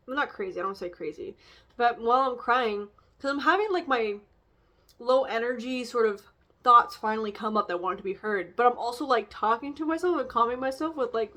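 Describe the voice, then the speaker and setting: A woman's voice: mid-range voice, a bit bright. A young woman casually talking through an oracle card reading and her feelings, rambling, with frequent fillers and restarts. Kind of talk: casual reflective vlog.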